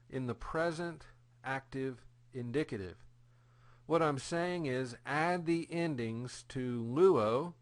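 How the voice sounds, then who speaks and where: A man teaches a recorded grammar lesson at an unhurried, careful pace. His voice sits at an ordinary middle pitch. He talks patiently and repeats each example phrase so it sinks in. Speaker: Greek teacher.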